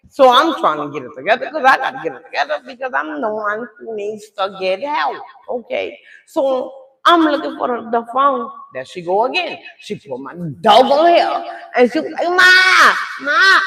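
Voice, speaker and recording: An older woman telling a dramatic story to her viewers in a chatty, animated way. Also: a little high, roomy sound. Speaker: live streamer telling a story.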